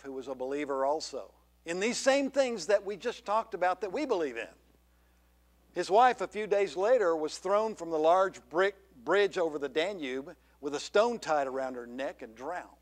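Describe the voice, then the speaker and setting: A man preaching a sermon as pastor, earnest and full of rhetorical questions to the congregation. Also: on the high side. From Georgia, USA. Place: church sanctuary.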